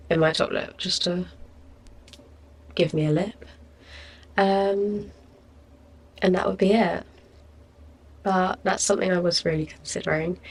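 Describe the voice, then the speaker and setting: Tired, chatty young woman, gravelly. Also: on the low side, fairly bright tone. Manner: chatty, rambling, lots of likes and ums. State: tired, yawning. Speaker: podcast host. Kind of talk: casual solo podcast chat.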